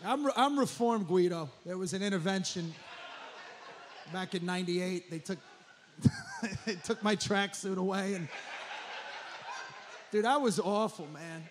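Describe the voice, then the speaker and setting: Stand-up comic, high voice, profane riffing, faint room noise. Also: male voice, expressive. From New Jersey. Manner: profane, rambling, rapid riffing. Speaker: stand-up comedian. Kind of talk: stand-up comedy set.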